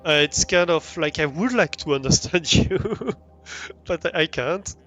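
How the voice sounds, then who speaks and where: Over soft background music, a fairly high-pitched, somewhat bright man with a French accent talks a little slowly, his intonation lively. He livestreams a game and chats casually, rambling, restarting often, saying um a lot and laughing easily.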